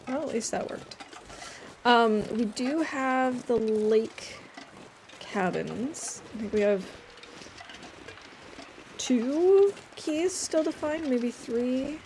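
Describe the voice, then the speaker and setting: A woman with a slightly raised pitch talks through her game stream in a loose, rambling way. She chats with her viewers as she plays and keeps a self-amused tone. A faint hum sits under her voice. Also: lively intonation, very slow, pauses often, darkish tone. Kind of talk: casual let's-play commentary.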